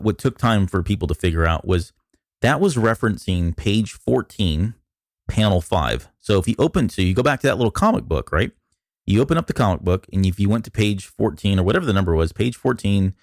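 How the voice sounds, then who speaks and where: A man with a very low voice walks through a detailed explanation in casual podcast chat, restarting often. His voice is worn and hoarse, and the recording is dry and close. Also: a little mellow, no echo. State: losing his voice. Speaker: podcast co-host.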